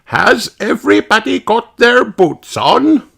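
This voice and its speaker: A man's voice: sits high, big pitch swings, slow pace, gravelly, a bit bright, faint music behind, voice pushed up, full character voice. A man voicing a cheerful older gazelle schoolteacher in a storybook, announcing in a sing-song way. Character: cheerful elderly woman teacher, a gazelle. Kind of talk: storybook read-aloud.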